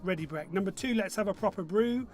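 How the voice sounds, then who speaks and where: A man's voice: high voice, fast, soft background music. A man hosting an online pub quiz in a chatty, jokey way, reading out answers and team scores. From northern England. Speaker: quiz host.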